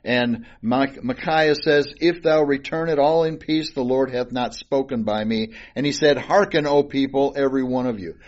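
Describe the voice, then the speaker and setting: On a dull, lo-fi recording, a man gives a casual Bible study sermon, reading old scripture and then unpacking it with restarts and fillers. He's a Bible teacher whose medium-pitched, darkish voice moves at a moderate pace with few pauses.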